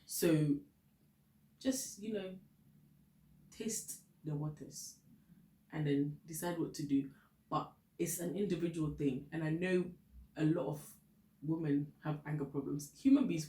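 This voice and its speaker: A woman from Ghana whose voice sits low gives candid relationship advice as a vlogger, laughing often and speaking Ghanaian-accented English. The recording is reverberant, and the tone is a casual advice chat.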